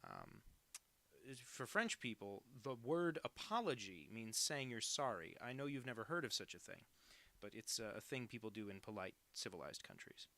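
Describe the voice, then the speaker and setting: Gravelly man rambling on a live stream. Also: fairly low pitch, big pitch swings, moderate pace, sharp tone, no room sound. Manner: rambling, self-deprecating, crude asides. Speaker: artist live-streaming drawings. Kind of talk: casual live stream chat.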